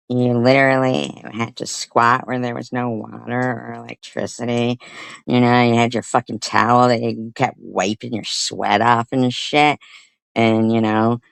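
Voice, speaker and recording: Very low gravelly lady ranting on her livestream, cussing a lot, slow and dry. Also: no echo. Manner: profane, blunt, scornful. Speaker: livestream commentator. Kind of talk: ranting commentary.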